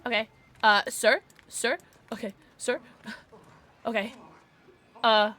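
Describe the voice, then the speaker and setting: Woman streamer, fairly high, bright voice, excitable and gasping, playful teasing. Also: takes it slowly, long pauses. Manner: excitable, gasping, chatty and joking; playful mock-polite teasing. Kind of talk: live gameplay commentary.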